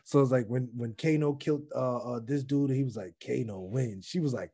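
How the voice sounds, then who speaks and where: A man co-hosting a casual movie review chat, relaxed and slangy, often restarting mid-sentence. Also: medium pitch, fairly quick, dry recording, studio quality. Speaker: podcast co-host.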